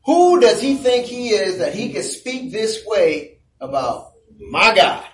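A man preaching a sermon, retelling a scripture story with lively, playful asides and acted lines. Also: high voice, slow. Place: church. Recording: echoey room, voice from a distance.

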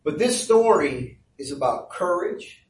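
Animated high-voiced male preacher, storytelling sermon, roomy and distant. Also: a little slow, a little hiss or hum. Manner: animated storytelling with playful asides. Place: church. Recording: echoey room, voice from a distance.

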